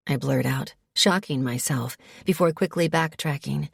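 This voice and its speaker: A woman narrating a first-person romance audiobook in a calm, soft, measured way. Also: deep voice, gravelly, slightly rough, no echo, studio quality.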